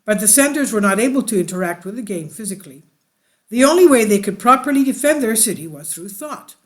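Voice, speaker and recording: Unhurried alto woman sharing testimony. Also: mid-range voice, expressive. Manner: unhurried, rambling, with restarts. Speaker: church leader. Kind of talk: personal testimony and reading an article aloud.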